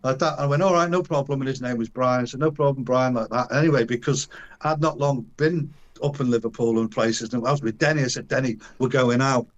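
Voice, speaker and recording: A man's voice: mid-range voice, brisk, highs cut off. An older man, a guest in an interview, telling a long casual anecdote in colloquial slang, acting out the voices of the people he quotes and restarting his sentences often. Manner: animated, acts out quoted voices, frequent restarts and chuckles.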